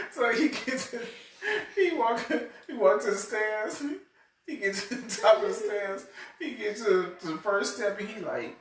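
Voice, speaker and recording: Laughing, high-voiced man telling stories. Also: measured pace. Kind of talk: casual storytelling chat. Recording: echoey room, mic far off, faint noise.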